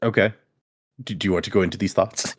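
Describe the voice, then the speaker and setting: A man hosting a casual podcast, retelling a book's scenes with quick asides and casual swearing. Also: low voice, steady tone. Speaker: podcast host recapping a book. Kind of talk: casual chat.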